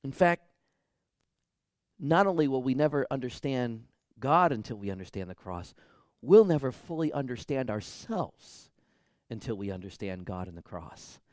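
A man preaching a sermon as pastor, emphatic, swinging between loud declarations and hushed, quiet lines. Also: medium pitch, sing-song, normal speed, no echo, clean studio sound.

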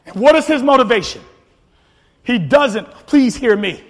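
A man preaching a sermon, energetic and often shouting, with frequent repeats and restarts. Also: very high-pitched, a little slow. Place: church sanctuary. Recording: long hall reverb, faint congregation.

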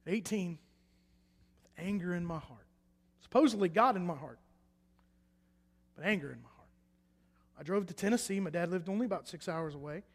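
A man's voice: high-pitched, a little fast. Preacher man in an echoey hall. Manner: swings from loud emphatic bursts to hushed quiet lines. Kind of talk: sermon testimony.

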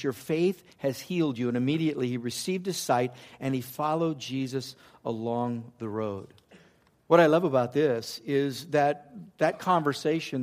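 A man preaching a sermon, swinging from loud emphatic lines to hushed, intimate ones. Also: mid-range voice. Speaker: pastor.

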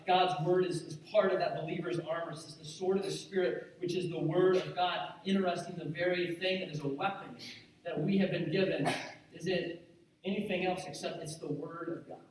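A man's voice: on the high side, a little hiss or hum. Preaching man in an echoey hall. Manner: earnest preaching, building to emphatic repetition. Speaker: pastor. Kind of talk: sermon. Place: church sanctuary. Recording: very echoey hall, mic at a distance.

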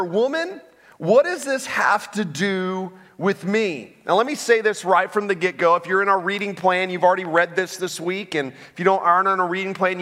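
A man's voice: on the high side, a bit bright. A man preaching a sermon as pastor, in a conversational way with frequent restarts and asides. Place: church sanctuary. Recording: long hall reverb.

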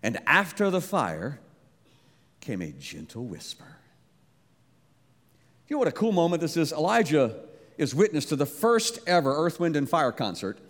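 A man preaching a sermon as pastor, dropping to a hush on quiet words and rising again. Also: fairly high pitch, sing-song, brisk, long reverb tail. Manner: dynamic, drops to a hush on quiet words, then rises.

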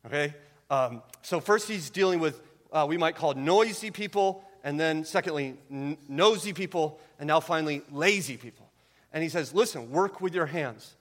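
A man's voice: brisk, a bit bright, in a large hall. A man preaching a conversational sermon, often asking "right?" and acting out quoted voices. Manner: acts out quoted voices with rising pitch. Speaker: pastor.

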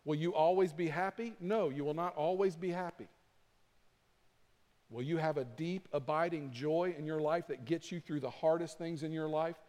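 A man preaching a sermon as pastor, earnest, dropping to a soft low voice when he prays. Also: normal speed. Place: church sanctuary. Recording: long hall reverb.

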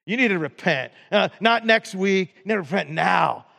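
A man with a high voice preaches a sermon in a church sanctuary. He is emphatic and often stumbles over repeated words as he restarts. A long hall reverb trails after his voice. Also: lively intonation, moderate pace, vocal fry, bright, forceful tone. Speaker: pastor.

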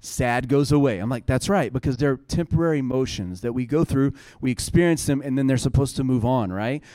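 A man's voice: mid-range voice, lively intonation, a little fast, warm tone, no room sound, studio quality. A man in his thirties preaching a sermon, earnest and conversational, building to fervent passages. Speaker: pastor.

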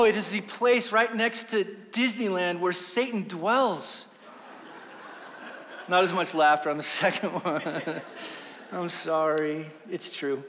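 A male pastor preaching a sermon, swinging from hushed slow passages to loud fervent ones. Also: high-pitched. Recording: long hall reverb.

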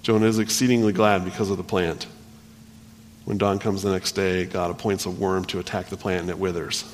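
A man preaching a sermon, earnest and repetitive, swinging between loud emphasis and hushed delivery. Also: low-pitched, little pitch movement, fairly quick, a little hiss or hum. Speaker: pastor. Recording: long hall reverb.

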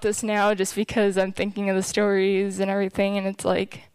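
A young woman sharing her personal testimony with a church group, candid and emotional as she tells her story. Her voice is smooth and resonant, recorded close and dry with no room sound. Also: mid-range voice, monotone, a little fast, darkish tone, no room sound. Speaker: speaker giving a personal testimony.

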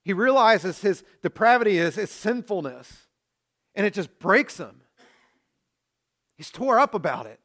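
A male pastor delivers a sermon, his voice sitting a little high for a man. He swings between loud, passionate build-ups and soft, hushed pleas. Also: lively intonation, unhurried, pauses often. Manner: dynamic preaching, rising to loud passion and dropping to hushed.

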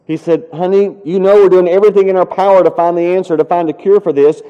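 A man preaches from the pulpit in a fairly high, mellow voice. He moves from earnest storytelling to impassioned, pleading prayer lines. The sound is dull and muffled, with a long reverb from a church hall. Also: fairly even intonation, fast, smooth. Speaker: pastor. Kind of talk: sermon.

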